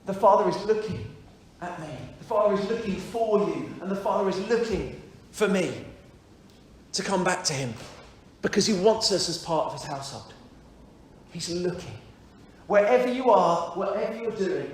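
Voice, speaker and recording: A man preaching in a very high, light voice, taking his time over every phrase. He is reflective, circles back to key words and speaks directly to the congregation. His voice rings through a strongly echoing church. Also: expressive, a little slow, pauses often, a little hiss or hum. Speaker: minister leading a church service. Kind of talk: sermon. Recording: very echoey church sanctuary.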